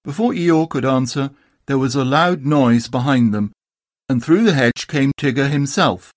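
A man narrating a children's storybook in a gentle, measured way. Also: medium pitch, no echo, clean studio sound. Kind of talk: storybook reading.

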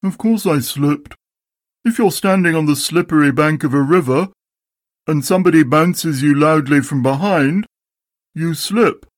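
A man doing Eeyore, a gloomy slow donkey. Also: on the high side, no room sound, studio quality, voice pushed up, lightly acted. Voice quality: drawling, mournful. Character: gloomy old male donkey, sarcastic and slow. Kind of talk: storybook reading.

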